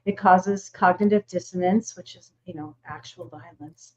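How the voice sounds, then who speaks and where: A woman's voice: lowish voice, moderate pace. Wry woman guest on muffled remote audio. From United States. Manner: wry, laughing, deadpan asides. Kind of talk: casual conversation.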